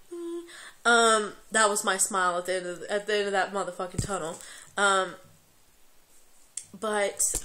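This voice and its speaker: A young woman vlogging at home late at night. She is tearful and crying as she talks, rambling and swearing freely, halting often with fillers. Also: medium pitch, fairly bright tone. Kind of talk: emotional confessional vlog.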